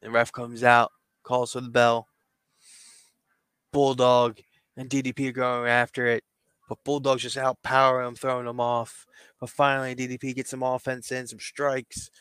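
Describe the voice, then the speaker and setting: A podcast host retelling a fantasy wrestling show play by play, in an animated way. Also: male voice, medium pitch, normal speed, clear, resonant tone, no echo.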